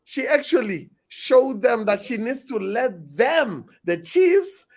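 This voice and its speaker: A man's voice: extremely high pitch, big pitch swings, slow. A man who co-founded a farming app, speaking on a panel call, wordy, with fillers and playful asides.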